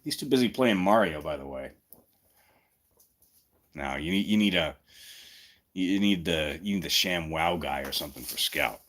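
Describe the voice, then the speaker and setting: A man with a very low voice hosts a relaxed livestream chat, thinking out loud and tossing out jokes. His pitch swings widely as he talks. His tone is bright and forward, even at such a low pitch. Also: moderate pace, pauses often. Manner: musing, thinking aloud, joking. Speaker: streamer hosting a chat.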